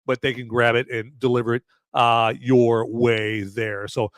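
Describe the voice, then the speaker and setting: A man's voice: medium pitch, level tone, unhurried, no room sound. Rambling, jokey man with a sore throat. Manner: rambling, jokey, many fillers and restarts. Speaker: podcast host reviewing beer. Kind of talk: casual live-stream chat.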